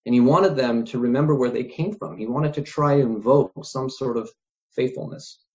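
A man's voice: mid-range voice, moderate pace, a little mellow. Earnest male preacher, dull lo-fi sound. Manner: earnest, often adds "right?" and repeats words. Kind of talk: sermon. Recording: dull lo-fi recording.

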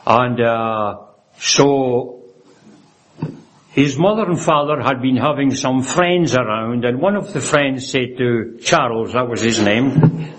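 A man delivering a sermon in an earnest, reverent voice of middling pitch. He quotes scripture slowly and often caps his points with a little tag question. His phrasing stumbles and restarts as he thinks aloud. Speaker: preacher.

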